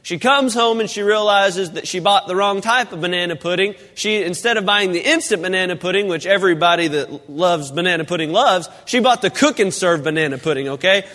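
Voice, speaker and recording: A pastor delivers a relaxed, chatty sermon, wandering into folksy asides and restarts. His voice sits high for a man. The church sanctuary leaves a long reverberant tail on every phrase. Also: fairly quick, hardly any pauses. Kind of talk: casual sermon.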